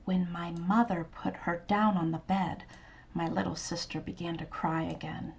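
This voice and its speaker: A woman reading a children's storybook aloud in a soft, gentle, sometimes whispery manner. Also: on the low side, flat delivery, moderate pace, vocal fry.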